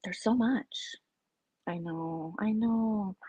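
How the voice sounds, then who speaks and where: A woman vlogger chatting casually with viewers on a livestream, opinionated and lively when she quotes people. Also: medium pitch, takes it slowly, breathy edge, no room sound. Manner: chatty, opinionated, animated quoting. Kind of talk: casual live chat with viewers.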